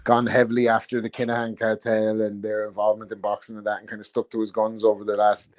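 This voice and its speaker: A man's voice: fairly low pitch, completely flat delivery, fast. Man chuckling through a story. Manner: laughing storyteller, swears often. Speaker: podcast co-host. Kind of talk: casual chat.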